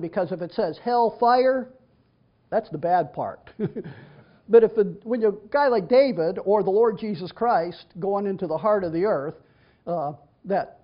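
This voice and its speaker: A man teaching from the Bible, reading verses aloud and then explaining them in a chatty, conversational way. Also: high-pitched. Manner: reads scripture then explains it in a casual, chatty way with restarts. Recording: dull lo-fi recording.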